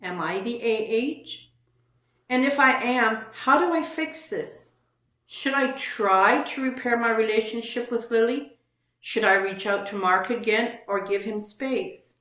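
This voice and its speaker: A woman's voice: a little high, measured pace, sharp tone, reverberant. A woman co-hosting a casual show, reading online posts aloud and commenting on them.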